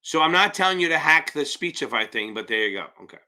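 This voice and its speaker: A man's voice: a little high, very animated, quick pace, pushed and bright. A man running a live-stream Q&A as an exam prep tutor, talking bluntly, rambling and swearing casually as he answers viewers.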